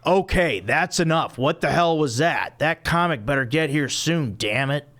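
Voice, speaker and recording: A man doing a gruff, irritable old club owner. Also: medium pitch, normal speed, a bit bright, natural voice. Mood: angry. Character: grumpy middle-aged male club owner, gruff.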